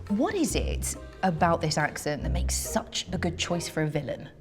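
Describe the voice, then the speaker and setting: A woman's voice: lowish voice, wildly swooping pitch, moderate pace, few pauses, soft background music. A woman presenting a scripted explainer in a playful, teasing way.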